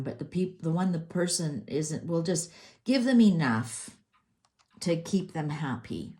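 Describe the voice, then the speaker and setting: A woman's voice: sits low, expressive, unhurried, warm tone. A middle-aged woman doing a tarot reading, ranting in a heated, exasperated way with many restarts. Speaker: tarot reader.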